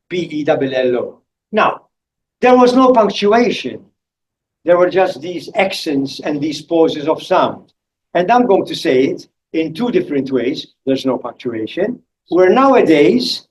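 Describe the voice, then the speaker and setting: An older man giving a public academic lecture, speaking deliberately with pauses and spelling out letters one by one. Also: a little high, darkish tone, slight background noise, poor audio. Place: lecture hall.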